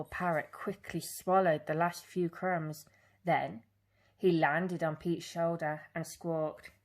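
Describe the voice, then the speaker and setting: A woman reading a children's picture book aloud in an expressive storytelling way. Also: deep voice, slow.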